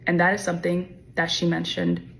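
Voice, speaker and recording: A woman's voice: on the low side, completely flat delivery, normal speed, gravelly, slight background noise, low-quality recording. A woman talking to camera in an indignant, earnest way. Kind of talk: clip of another creator's video talking to camera.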